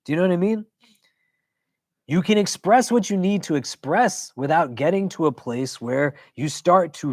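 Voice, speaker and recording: A man, an imam, teaching a weekly religious class in a casual, conversational way. He keeps checking in with his listeners and tells stories with quick asides. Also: a little high, no echo. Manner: conversational, keeps asking "do you know?"; animated storytelling with quick asides.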